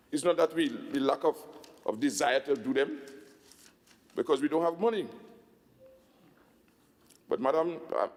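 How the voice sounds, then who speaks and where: A man with a Tobagonian accent giving a budget speech in a legislative assembly, emphatic, slowing down to stress figures. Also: a little high, a little mellow, big-room sound. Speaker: assembly secretary.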